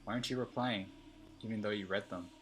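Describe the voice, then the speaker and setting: Man voicing a clingy obsessive schoolgirl stalker, text messages read aloud, low-pitched, bright, flat delivery. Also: fast, faint music behind, close to an everyday voice.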